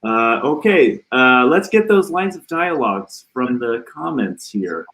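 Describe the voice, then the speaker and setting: Slow, halting male improv host. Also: mid-range voice, very animated, a bit bright. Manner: halting, with many fillers. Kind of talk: casual hosting of an online improv show.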